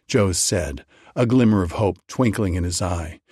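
A man narrating a storybook tale in an unhurried, expressive reading. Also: deep voice, slightly rough, dry recording, studio quality.

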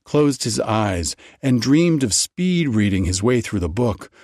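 A man narrating a storybook tale in an unhurried, expressive reading. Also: medium pitch, no echo, studio quality.

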